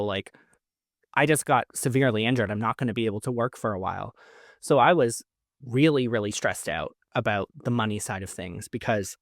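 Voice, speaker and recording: Guy on his podcast, chatty storytelling, mid pitch, dry close sound. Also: a bit bright, dry recording. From Canada. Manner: chatty, lots of "like" fillers, laughs between lines. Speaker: podcast host. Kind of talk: casual storytelling.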